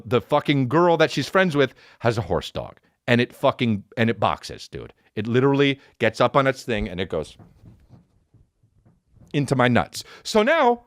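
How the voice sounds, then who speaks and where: A man's voice: mid-range voice, no echo. A man in his thirties tells a comic story with plenty of swearing, his voice lifting and dropping all over the place. He sits close to the mic in a dry, dead room. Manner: profane, animated, acts out voices. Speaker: podcast host, comedian.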